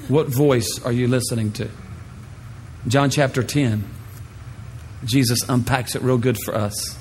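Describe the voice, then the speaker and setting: A man preaching a sermon, telling playful stories and acting out shouted voices. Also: medium pitch, a little slow, pauses often, long reverb tail, slight background noise. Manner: animated, playful storytelling with shouted impressions. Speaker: pastor.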